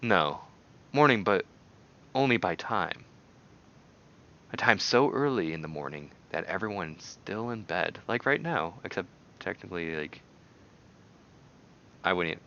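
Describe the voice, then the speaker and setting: A man's voice: low voice, expressive, normal speed, gravelly, pauses often, a bit bright, highs cut off. A man hosting a casual game playthrough, rambling and joking as he reads along. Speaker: let's play host. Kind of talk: casual gameplay commentary.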